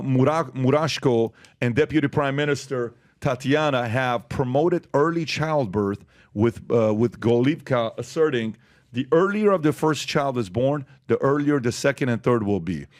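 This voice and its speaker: A man's voice: medium pitch, normal speed, no echo, studio quality. A man hosting a talk podcast, reading news items aloud and breaking in with pointed comments. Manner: reads headlines aloud, then breaks in with sharp asides. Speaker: podcast host.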